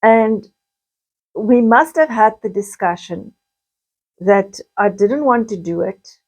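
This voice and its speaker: A middle-aged woman, slowly recounting painful childhood memories in a halting personal monologue. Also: medium pitch, low-quality recording. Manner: slow, halting, with frequent restarts and pauses.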